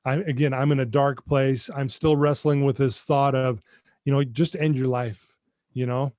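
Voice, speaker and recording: A middle-aged man guesting on a podcast, an addiction recovery mentor, shares his recovery story earnestly and heartfeltly, speaking directly to the host on a video call. His mid-range voice is steady and darkish at normal speed, in a dry, clean studio recording.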